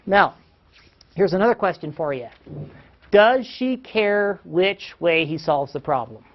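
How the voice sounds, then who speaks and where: A man's voice: high voice, expressive, a little slow. Man teaching parents in a dull recording. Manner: asks the audience questions, acts out quotes, chuckles. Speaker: parenting workshop presenter. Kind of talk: lively classroom-style teaching talk.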